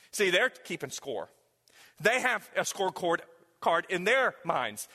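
A pastor with a high, expressive voice and a bright, forceful tone preaches at a moderate pace. He speaks emphatically to the congregation and asks them direct questions, with long hall reverb on the recording.

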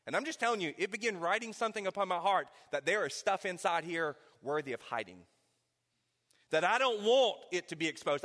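Bright-voiced pastor preaching in a hall. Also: male voice, high voice. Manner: storytelling, drops to a quiet intimate hush for emphasis. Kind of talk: sermon.

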